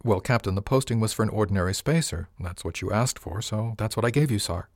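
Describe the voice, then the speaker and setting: A man's voice: on the low side, fast talker, no room sound, studio quality, natural voice. A man voicing a short, polite young male spacer who speaks plainly and modestly.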